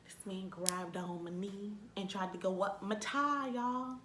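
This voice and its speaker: A young woman telling a storytime rant in a casual vlog, animated, swearing freely and saying "like" a lot. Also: mid-range voice, unhurried. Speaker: vlogger. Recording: echoey room.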